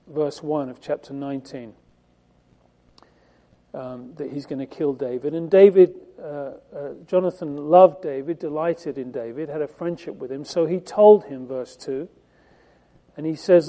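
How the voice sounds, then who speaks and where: Man preaching with a very dark tone. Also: fairly high pitch, a little slow. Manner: conversational, emphatic, with frequent fillers and restarts. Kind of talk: sermon, Bible teaching.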